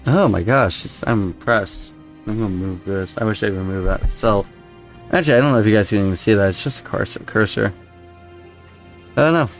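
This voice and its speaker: A man with a lowish voice talks through a video game in a loose, rambling way. He muses aloud and breaks off into startled exclamations. Soft game music plays faintly behind him. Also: brisk. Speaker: gameplay commentator. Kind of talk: casual let's-play commentary.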